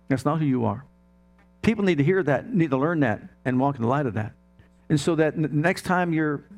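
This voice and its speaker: A middle-aged male pastor preaching a sermon emphatically, firing off rhetorical questions to the congregation. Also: fairly high pitch.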